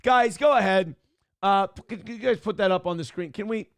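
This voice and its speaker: A middle-aged man hosts a casual livestream talk show, reading donations aloud with loud, crude jokes and a rough voice that cannot reach high notes. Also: moderate pace, no room sound. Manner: loud, crude, joking, reads chat messages aloud.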